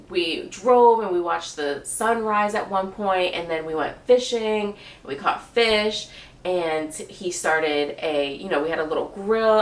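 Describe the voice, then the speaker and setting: A woman in her late twenties telling a travel story in a relaxed, chatty way, with frequent laughs and fillers. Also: lowish voice. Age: late 20s. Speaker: vlogger. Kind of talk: casual storytelling. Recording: echoey room, voice a bit far from mic.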